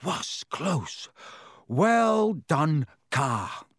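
A man's voice: fairly high pitch, big pitch swings, very slow, vocal fry, fairly bright tone, dry recording, clean studio sound, heavily acted. A man voicing a frightened teenage boy wizard who talks in shaky, panicky bursts. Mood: breathless.

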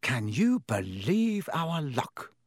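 A man's voice: fairly high pitch, very animated, drawn-out words, gravelly, fairly bright tone, no echo, clean studio sound, full character voice. A man voicing a frightened teenage boy wizard who talks in shaky, panicky bursts. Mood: miserable.

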